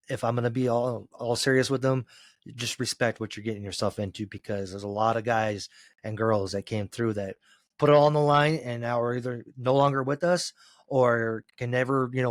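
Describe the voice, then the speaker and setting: A man, a former pro wrestler, telling road stories in a casual podcast chat, cursing freely and rambling, climbing loud and high as he gets worked up. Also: no room sound. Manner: profane, rambling storyteller, gets loud and high when excited.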